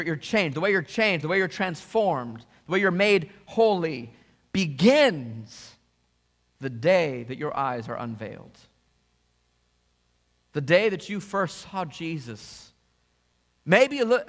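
High-voiced preacher in an echoing hall. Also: male voice, a bit bright. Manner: earnest preaching, building to emphatic passages, direct address to the congregation. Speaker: pastor. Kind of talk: sermon. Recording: long hall reverb.

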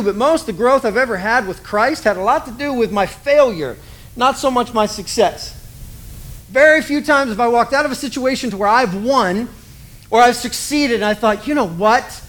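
A man preaching a sermon, animated and self-deprecating, acting out the voices he quotes. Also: very high voice, normal speed. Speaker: pastor.

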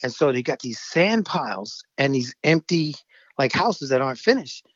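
A man's voice: mid-range voice, sing-song, normal speed, breathy edge, dry recording. A man in his fifties from the Bronx, co-hosting a podcast and telling stories animatedly, laughing often. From New York (Bronx). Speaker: podcast co-host. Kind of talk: casual chat, storytelling. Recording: dull, dry lo-fi sound.

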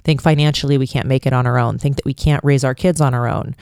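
A man's voice: medium pitch, fairly even intonation, fast, gravelly, a little mellow, clear, resonant tone, no room sound, studio quality. A man talking casually and frankly in a monologue, swearing often and filling his speech with "like". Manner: frank and profane, many filler likes.

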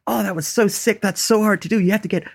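A man doing an excited young American commentator for a speedrun, in a put-on American accent, talking in a gushing, raised voice. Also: high-pitched, fast talker, gravelly, slightly rough, pitched above the performer's own voice, exaggerated voice.

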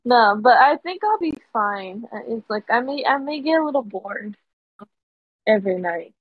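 A young woman co-hosting a casual podcast, halting and giggly, often trailing off. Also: a little high, lively intonation, no room sound. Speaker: podcast co-host. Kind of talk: casual chat. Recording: dull lo-fi home mic.

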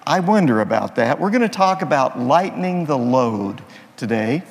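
Priest joking around before the homily, slow lively delivery, long churchy reverb. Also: male voice, medium pitch. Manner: folksy, playful joke-telling. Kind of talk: sermon opening with jokes.

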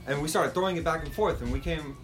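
Young guy, a bit high-voiced, animated and profane, retelling a trip story among friends. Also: fast, faint music behind. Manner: animated, profane, acts out quotes.

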